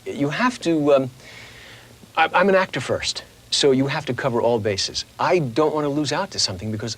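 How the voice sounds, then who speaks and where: A man's voice: mid-range voice, a little fast. A middle-aged man, a voice actor guest, chatting casually and animatedly in an interview, slipping into little voices as he tells stories. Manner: animated storyteller, slips into voices.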